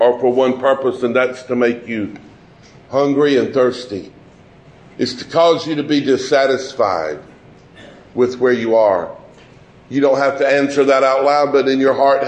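A man preaching a sermon as pastor, impassioned and repetitive, slowing down for dramatic emphasis. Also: mid-range voice, darkish tone. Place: church sanctuary. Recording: echoey church room.

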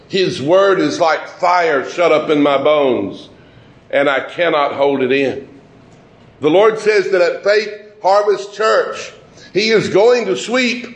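A man preaching a sermon as pastor, impassioned and repetitive, slowing down for dramatic emphasis. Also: fairly high pitch. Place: church sanctuary. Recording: echoey church room.

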